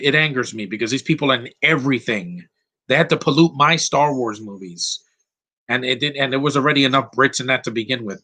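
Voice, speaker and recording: A man's voice: medium pitch, pushed and bright. A man giving casual live commentary over a movie, blunt and rambling, going off on tangents.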